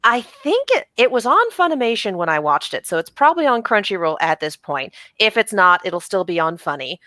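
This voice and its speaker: An American woman co-hosting a podcast in casual chat, animated and quick to act out quotes. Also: medium pitch, dry recording. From United States. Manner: animated, acts out quotes with laughs. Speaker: podcast co-host.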